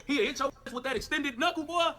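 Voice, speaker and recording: A man's voice: extremely high pitch, quick pace, crowd noise. A man delivering a profane, repetitive livestream rant. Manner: animated, repetitive, cursing.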